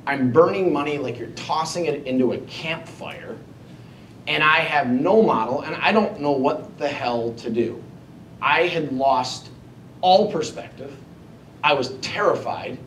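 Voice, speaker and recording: A man giving a motivational storytelling speech to an audience, animated and self-mocking as he acts out his own past thoughts. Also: measured pace. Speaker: keynote speaker. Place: event hall before an audience. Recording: echoey hall, distant mic, faint rumble.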